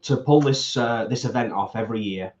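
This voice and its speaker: A middle-aged man co-hosting a casual mukbang chat, earnest and deliberate, repeating points for emphasis. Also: mid-range voice, darkish tone. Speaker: co-host. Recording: roomy, slightly dull home recording.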